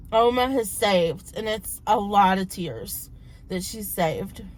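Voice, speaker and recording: A woman in her thirties, a book vlogger, chatting casually and retelling a plot in a rambling way, her voice a little hoarse from talking so much. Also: medium pitch, low-quality recording. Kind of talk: casual book vlog chat.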